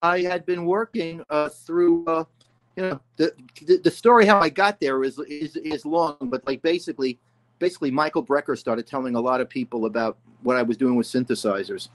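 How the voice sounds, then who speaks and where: A man's voice: a little high, brisk. Rambling older man telling stories. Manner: rambling, full of "you know" and restarts. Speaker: guest musician. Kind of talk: casual storytelling interview.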